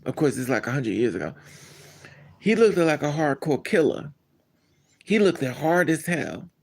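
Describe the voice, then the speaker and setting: A man hosting a casual live stream, answering his chat in a blunt, candid and animated way. He laughs often and trails off mid-thought. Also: on the high side, vocal fry.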